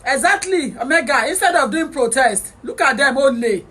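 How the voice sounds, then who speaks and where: A woman with a high, animated, somewhat bright voice speaks at normal speed. Born in England, she has a Nigerian Yoruba-English accent and hosts a heated livestream rant, scolding her viewers while switching between English and Yoruba.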